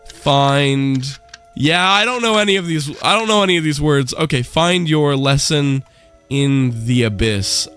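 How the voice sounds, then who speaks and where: Casting: jumpy young male gaming YouTuber, slightly high voice, easily spooked, profane. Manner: jumpy, excitable, swears a lot. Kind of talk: gameplay commentary.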